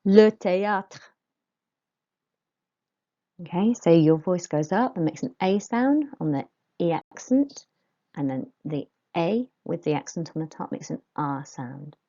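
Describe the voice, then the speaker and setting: A woman's voice: deep voice, expressive, normal speed, dark tone, highs cut off. A woman teaching a recorded language lesson, giving patient instructions and modelling pronunciation for pupils to repeat.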